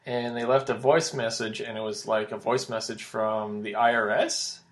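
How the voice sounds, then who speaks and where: A man's voice: mid-range voice, flat delivery, normal speed. A young man co-hosting a casual podcast, telling a long story with lots of fillers and restarts. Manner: rambling storytelling with many fillers. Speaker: podcast co-host.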